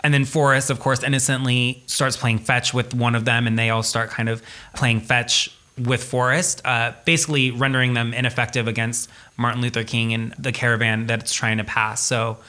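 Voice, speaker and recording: A man's voice: medium pitch, flat delivery, normal speed, bright, forceful tone. A man in a casual film discussion, recounting a scene in a matter-of-fact way.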